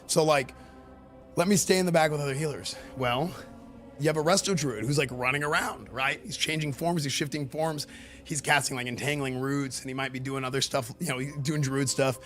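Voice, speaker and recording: A male streamer giving excitable, rambling live commentary, full of fillers and repeated words. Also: medium pitch, moderate pace, soft background music. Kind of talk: live-stream commentary reacting to game questions.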